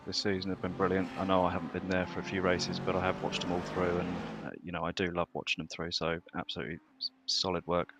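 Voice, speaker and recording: A man, a racing driver, answering interview questions casually, halting with many restarts and fillers. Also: low voice, bright, forceful tone, a little hiss or hum.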